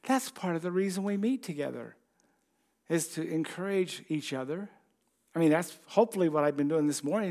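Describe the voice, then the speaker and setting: An older man preaching a sermon in a conversational, folksy way, with slow, dramatic scripture readings. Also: fairly high pitch, vocal fry, a little mellow.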